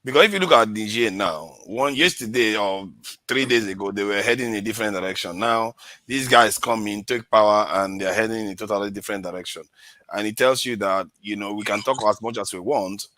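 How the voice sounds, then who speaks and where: Guy hosting a live online show, bright tone, dry sound, laid back. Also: lowish voice, fairly quick, no room sound. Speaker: host.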